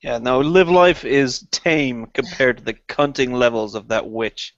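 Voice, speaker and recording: Crude deadpan man on dry call audio. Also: mid-range voice, unhurried, dry recording, lo-fi sound. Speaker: panelist in an online group hangout. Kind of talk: casual crude banter.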